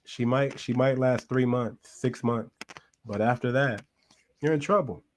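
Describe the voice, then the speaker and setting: A man's voice: medium pitch, unhurried, slight background noise. Man emphatically repeating his points. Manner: emphatic, repeats lines, frequent restarts. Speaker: reaction show host. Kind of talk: casual commentary.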